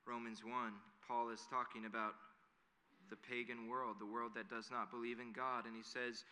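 Bright-voiced preacher in an echoing hall. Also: male voice, mid-range voice, level tone, normal speed, slight background noise. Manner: earnest, building to emphatic preaching. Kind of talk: sermon. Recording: long hall reverb.

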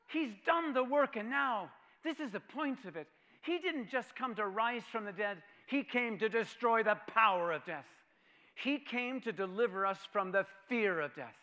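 High, bright-voiced man preaching a sermon. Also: lively intonation, normal speed. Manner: dramatic swings from loud proclamation to hushed near-whisper; repeats phrases for emphasis and asks the audience questions.

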